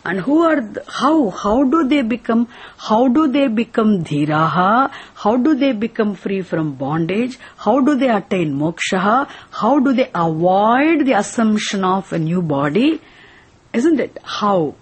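A woman teaches a scripture lesson at a slow, deliberate pace. Her voice is husky and a little breathy, at a middle pitch. She repeats key phrases and keeps asking her listeners rhetorical questions. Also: expressive.

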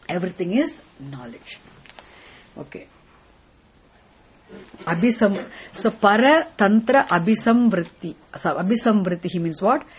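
A woman's voice: mid-range voice, darkish tone, a little hiss or hum. A woman giving a spiritual teaching talk, asking rhetorical questions and then answering them herself.

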